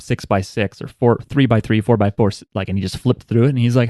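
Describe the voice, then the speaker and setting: A man's voice: fairly low pitch, fairly even intonation, quick pace, warm tone, dry recording. A man co-hosting a podcast in casual chat, joking and rambling with some swearing. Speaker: podcast co-host.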